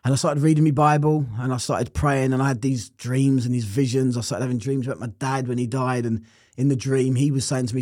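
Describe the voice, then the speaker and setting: A man's voice: medium pitch, steady tone, fairly quick, a little mellow, no room sound, clean studio sound. A man telling his personal testimony in an interview, earnest and reflective. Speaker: interview guest.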